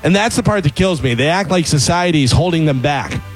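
A man with a somewhat high voice reads a scripted open letter as a comic rant. His delivery is sarcastic and mocking. Faint music plays underneath the recording. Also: expressive, a little fast. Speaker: comedy segment writer.

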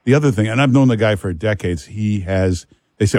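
A man's voice: fairly low pitch, a little fast, a little mellow, dry recording, clean studio sound. A man hosting a talk radio show, emphatic and joking, repeating himself for effect. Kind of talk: casual talk radio chat.

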